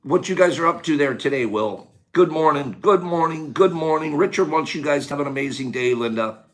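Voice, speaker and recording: A man hosting a casual morning livestream, animated, calling out viewers by name and playfully scolding them. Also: a little high, fairly quick, soft background music. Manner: animated, calls out viewers' names. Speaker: livestream host.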